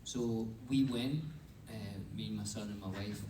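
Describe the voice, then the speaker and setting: A man's voice: on the low side, fairly even intonation, unhurried, noisy background. A middle-aged man on a film cast panel telling an easygoing, chuckling anecdote. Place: large convention hall. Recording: echoey hall, distant mic.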